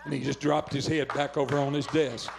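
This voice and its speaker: A man's voice: medium pitch, little pitch movement, a little fast, vocal fry, background noise. An older man from Oklahoma, a pastor preaching fervently at a revival and telling a story. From southwestern Oklahoma. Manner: fervent preaching, urging callers to phone in. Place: revival tent.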